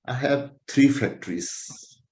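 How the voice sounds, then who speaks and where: A man's voice: mid-range voice, expressive, slow pace, a little mellow. A man acting out a boastful, self-important male patient who shows off his wealth to his doctor. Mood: bragging. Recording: roomy echo.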